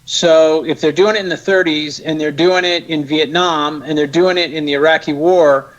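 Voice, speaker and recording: A man speaking as a guest in a casual interview, animated, emphatic and sarcastic. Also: on the high side, normal speed, dull audio.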